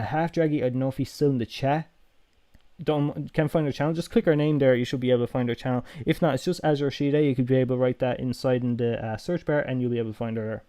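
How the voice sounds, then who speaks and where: A young Irishman from Ireland, his Dublin accent softened, chats casually on a live stream, cursing freely and starting his sentences over. His voice sits in the mid-range with a warm tone, and there's no echo.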